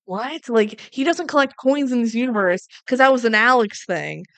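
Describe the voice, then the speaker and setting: A woman co-hosting a podcast, casually recapping a movie scene by scene and acting out the characters' lines with quick laughs. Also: on the high side, no room sound. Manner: animated retelling, acting out quoted lines, laughing. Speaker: podcast co-host.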